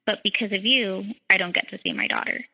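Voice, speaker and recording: Bright, gravelly young woman, lo-fi. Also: medium pitch, fairly even intonation, a little fast, big-room sound. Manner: frequent "like", quotes others in dialogue. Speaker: guest. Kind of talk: telling her story in a podcast interview. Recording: dull lo-fi sound.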